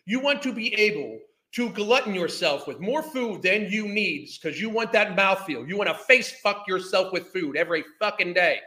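A man's voice: high-pitched, lively intonation, normal speed, few pauses, pushed and bright. A man, ranting in a heated, profane, scornful way as a podcast host. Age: 50s. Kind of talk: ranting commentary.

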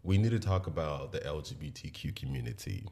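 A man's voice: rumbling low, expressive, fairly quick, creaky, dark tone. A man hosting a podcast, talking in a casual, emphatic way and often asking "you know what I'm saying?". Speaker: podcast host.

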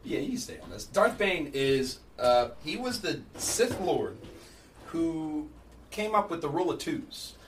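A man hosting a casual podcast chat, animated and laughing often, explaining things at length. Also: fairly high pitch, a little slow. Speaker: podcast host. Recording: echoey room, distant mic, faint noise.

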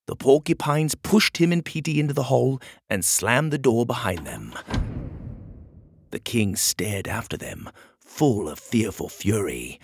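Gravelly, animated male storyteller. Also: mid-range voice, a little slow, dry recording, studio quality. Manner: expressive, animated reading. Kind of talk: scripted storybook narration.

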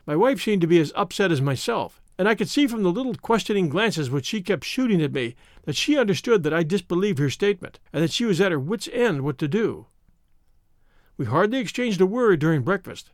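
A man narrating a story in the first person with an expressive, theatrical delivery. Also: high voice, no echo, studio quality. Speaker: audiobook narrator.

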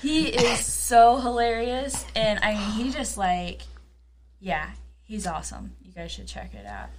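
A woman's voice: medium pitch, animated, a little slow, noisy background. A woman in casual chat, rambling with lots of fillers.

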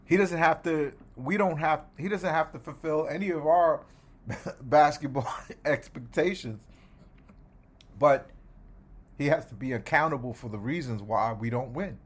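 A slow-talking man co-hosting a podcast, with a slightly high voice. He makes his points emphatically and animatedly, breaking off mid-thought now and then in casual talk. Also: breathy edge. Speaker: basketball podcast co-host.

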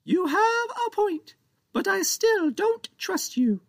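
A man voicing a tiny, distrustful male pirate captain with a shrill, shouting voice. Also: very animated, takes it slowly, creaky, no room sound, heavily acted. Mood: angry shouting. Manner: squeaky, shouting, accusing.

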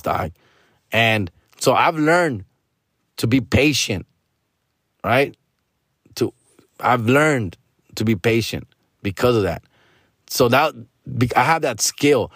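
A stand-up comedian from Los Angeles, telling a story in a loose, profane, slangy way with Spanish words mixed in. His voice sits at a middle pitch for a man. The sound is dry and close, with no room echo. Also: fairly bright tone.

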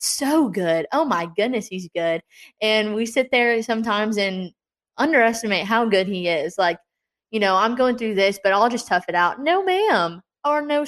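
A young woman giving a casual Christian devotional talk, earnest and chatty, encouraging her listeners with playful asides. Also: fairly high pitch.

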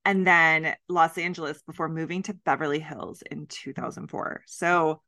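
A wry, animated woman co-hosting a podcast, with a lower voice that still sounds bright and forceful. She laughs often as she talks. The recording is dry and close. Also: normal speed, no room sound. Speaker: podcast co-host. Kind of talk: casual chat.

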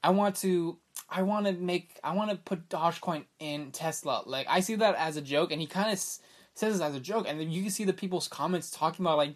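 Excitable young man podcasting with hiccups. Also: a little high, fairly quick. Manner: excitable and rambling, many fillers like "like" and "bruh". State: has the hiccups. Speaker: podcast host. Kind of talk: casual solo podcast chat.

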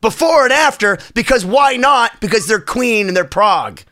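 High, bright excited man. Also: moderate pace. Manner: excited, enthusiastic fan talk. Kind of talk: casual chat.

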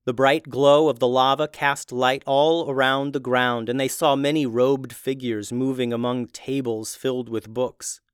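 A man narrating a children's fantasy adventure in a steady, even reading voice. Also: mid-range voice, a little slow, hardly any pauses, smooth, no echo, studio quality. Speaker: storyteller.

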